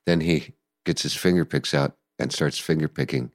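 An older man telling stories in a casual interview, animated and acting out voices and sounds. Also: very deep voice, normal speed, no echo, clean studio sound. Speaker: guest musician recalling the past.

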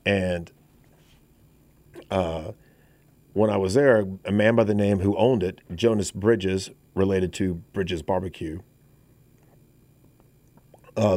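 A man's voice: lowish voice, no room sound. A man in his fifties hosting a talk radio show, talking in a conversational, rambling way with frequent restarts. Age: 50s. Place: radio studio.

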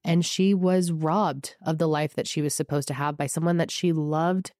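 Hoarse, congested woman hosting true crime. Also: sits low, steady tone, normal speed, darkish tone, dry recording, clean studio sound. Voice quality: scratchy. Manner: emphatic, indignant, chatty asides. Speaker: true crime show host. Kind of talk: true crime storytelling to camera.

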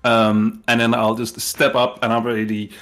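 A man at the table of a tabletop game asks question after question in a hesitant, casual way. His voice sits at a middle pitch. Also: flat delivery, moderate pace, a bit bright. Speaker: player.

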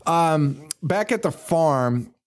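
A man's voice: a little high, animated, extremely slow. A man co-hosting a podcast, casually recapping a horror film scene by scene, swearing often, laughing and mimicking the characters. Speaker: podcast co-host. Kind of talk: casual movie recap chat.

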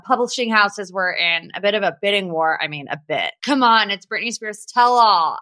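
A woman's voice: mid-range voice, sharp tone, no room sound. A woman hosting a pop culture podcast, chatting casually with gossipy, sarcastic asides. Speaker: podcast host.

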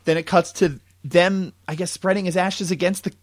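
A man recaps a film plot for his co-hosts in a loose, chatty way. His voice sits a little high, and he jumps in and out of quoted lines with plenty of fillers. The tone is animated and conversational. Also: normal speed. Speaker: podcast co-host. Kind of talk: casual movie review chat.

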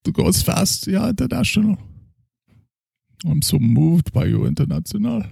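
A pompous, tipsy German psychoanalyst, as a man puts him on, drawls out grand boasts in a heavy mock German accent. The voice is gravelly and husky with a lively, swooping pitch, and the room is dry and close. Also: no room sound, full character voice. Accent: put-on German. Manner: slow, grandiose, slurring boasts. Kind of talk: improvised comedy character.

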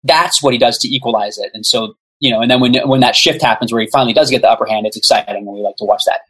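A man's voice: medium pitch, rapid-fire, a bit bright, slightly rough, low-quality recording. A man as a podcast guest, talking in an enthusiastic, rambling way with many fillers. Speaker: guest, musician. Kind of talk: casual podcast chat.

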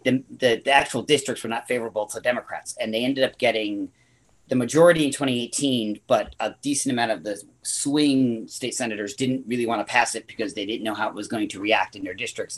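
A man's voice: medium pitch, steady tone, brisk, low-quality recording. A man with a Western New York accent, a podcast guest giving blunt opinions with many restarts. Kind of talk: casual podcast discussion.

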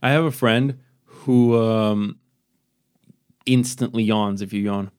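Swearing, animated male podcast co-host. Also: fairly low pitch, slow pace, clear, resonant tone, dry recording, studio quality. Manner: animated, swears a lot, trails off into laughs. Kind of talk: casual chat.

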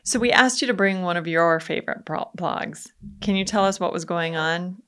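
A woman's voice: fairly low pitch, normal speed, a bit bright, smooth. A woman hosting an interview, asking questions and giving short encouraging replies. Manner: encouraging, many short affirmations. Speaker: podcast host. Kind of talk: casual interview.

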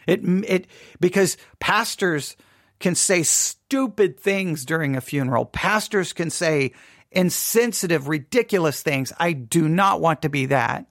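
A man, a pastor, talking through a personal update in an earnest, halting way, often repeating words as he searches for them. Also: fairly high pitch, fairly bright tone, dry recording, clean studio sound. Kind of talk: personal podcast monologue.

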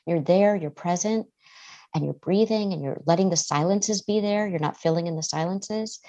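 Brief: thoughtful woman therapist, slightly low voice, calm and measured interview answers. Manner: measured, reflective, restarts words. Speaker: therapist and author guest. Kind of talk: advice-giving interview answers.

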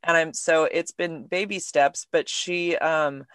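A woman hosting a podcast, telling stories in an animated, emotional way. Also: deep voice, takes it slowly, smooth, no echo. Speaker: podcast host. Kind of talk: casual podcast conversation.

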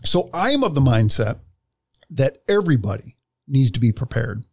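Blunt, animated male storyteller. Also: medium pitch, moderate pace, gravelly, husky, no echo, studio quality. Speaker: podcast co-host. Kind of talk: casual storytelling chat.

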